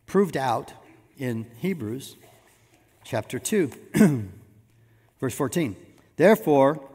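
A man preaching a sermon as pastor, swinging between hushed asides and loud emphatic bursts. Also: mid-range voice, animated, extremely slow, breathy edge. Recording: long reverb of a church hall.

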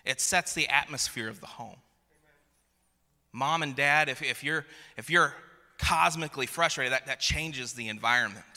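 A pastor in his thirties preaches a sermon in a medium-pitched, bright, forceful voice. He tells a funny family story, restarting often and repeating words. The long reverb of a large hall fills the recording.

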